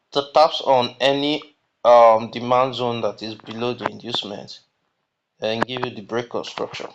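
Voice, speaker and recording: Male instructor with a lo-fi, noisy mic, keeps checking "you get?". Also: medium pitch. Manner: asks questions and answers them himself. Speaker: trading instructor. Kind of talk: screen-recorded lesson. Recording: muffled lo-fi mic with background noise.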